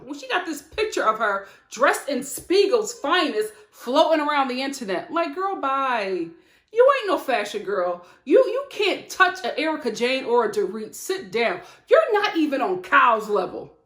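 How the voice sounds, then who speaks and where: A woman reviewing a reality show episode in a sassy, animated chat, throwing in mock quotes and quick asides. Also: on the high side, roomy sound. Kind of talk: casual reality show recap. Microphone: studio-lit webcam setup.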